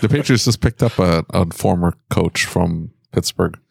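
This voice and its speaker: Deep gravelly man chatting. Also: measured pace, no room sound, studio quality. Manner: chatty, teasing about football, retells quotes. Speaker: podcast co-host. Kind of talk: casual chat.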